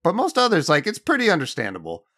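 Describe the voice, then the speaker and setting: A man's voice: a little high, huge pitch swings, fast, a bit bright. A man hosting a casual podcast, joking playfully with his friends. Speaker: podcast host.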